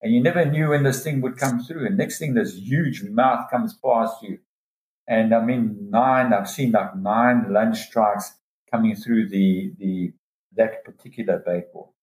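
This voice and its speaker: A man telling a long diving story in a casual interview, lively and excited when he quotes others. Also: unhurried. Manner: animated, pitch jumps when quoting others. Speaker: dive guide telling a story. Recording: roomy echo.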